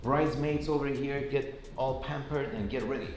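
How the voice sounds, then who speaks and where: A man giving an upbeat vlog tour of his remodel, showing things off and pausing on fillers. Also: medium pitch, fairly even intonation, darkish tone, slight background noise. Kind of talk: vlog walkthrough.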